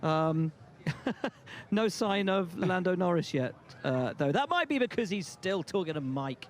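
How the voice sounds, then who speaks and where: A man's voice: high voice, animated, a little slow. A man giving light, amused live commentary on the scene around him.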